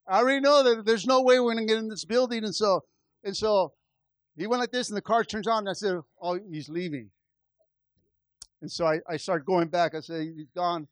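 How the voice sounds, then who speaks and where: A man, a pastor, telling a personal testimony in a lively storytelling way, acting out the dialogue. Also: sits high, brisk, no echo. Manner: animated, acts out dialogue in his story. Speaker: pastor starting a church.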